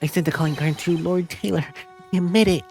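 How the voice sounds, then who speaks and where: A jittery young man stumbles over his words and insists on his own guilt, as a man plays him. The voice has a gravelly rasp and a hesitant, stammering rhythm. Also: on the high side, fairly even intonation, fast talker, a little mellow, faint music behind, pitched above the performer's own voice. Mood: insistent.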